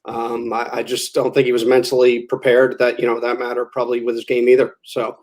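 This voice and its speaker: A man co-hosting a casual sports talk show as a golf pro, relaxed and a little hesitant. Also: mid-range voice, brisk. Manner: relaxed, hesitant, many fillers.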